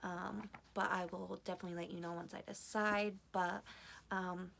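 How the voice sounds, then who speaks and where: A woman book vlogger chatting casually, excitable and gushing, swearing freely and filling her talk with "like". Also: on the low side, normal speed, vocal fry, slight background noise. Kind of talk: casual vlog chat.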